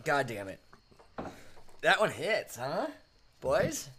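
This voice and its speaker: A man's voice: fairly high pitch, huge pitch swings, takes it slowly, sharp tone, a little hiss or hum. Rambling man talking through spicy pain. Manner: talks through the pain of eating hot wings, rambling and self-deprecating. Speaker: podcast co-host. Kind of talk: casual chat.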